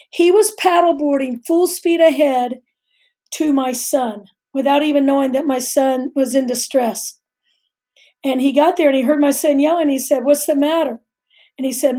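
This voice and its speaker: Middle-aged lady telling her faith story, high voice but soft and mellow, very earnest. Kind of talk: testimony in a faith talk show.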